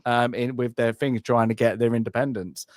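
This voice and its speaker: A British man co-hosts a podcast, chatting casually about a film and rambling with many fillers and restarts. His mid-range voice is darkish, with fairly even intonation and normal speed. The recording is dry and clean, studio quality.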